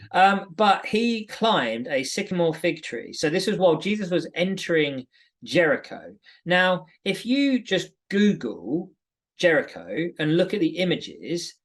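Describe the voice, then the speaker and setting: Male podcast co-host from Britain, higher register, animated casual commentary. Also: unhurried. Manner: chatty, animated storytelling with many "like"s. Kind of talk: casual Bible commentary chat.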